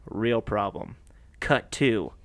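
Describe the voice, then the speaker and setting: A man co-hosting a podcast, recapping a movie plot in a casual, animated way, laughing often and slipping into voices for the characters. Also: on the low side, slow, no echo. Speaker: podcast co-host.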